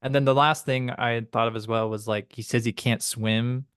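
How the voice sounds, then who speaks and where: A man's voice: mid-range voice, steady tone, moderate pace, a bit bright, clean tone, no room sound, studio quality. A man co-hosting a casual movie review chat, talking reflectively about a film. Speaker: podcast co-host.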